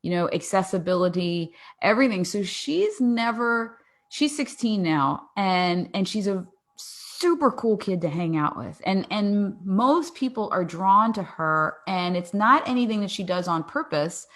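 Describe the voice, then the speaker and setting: A woman in her forties, a podcast guest, telling a family story in a lively way, acting out dialogue and often laughing. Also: mid-range voice, measured pace, hardly any pauses. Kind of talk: casual interview storytelling.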